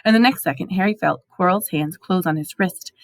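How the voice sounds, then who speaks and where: A woman reading a storybook aloud with expressive, dramatic delivery. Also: fairly low pitch, fairly quick, dry recording. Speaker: audiobook reader.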